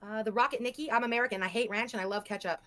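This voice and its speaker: Bright, fast-talking woman from Canada. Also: on the high side. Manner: chatty, brash, laughs easily. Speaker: co-host reading viewer messages. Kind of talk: casual livestream chat.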